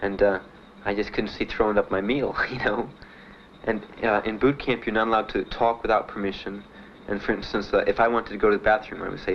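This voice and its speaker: In a halting interview full of pauses, an older man from Miami, a Vietnam veteran, recounts his past plainly with lots of "uh"s and "you know"s. His voice is on the low side and steady in tone, while the audio lacks highs and carries slight hiss or hum.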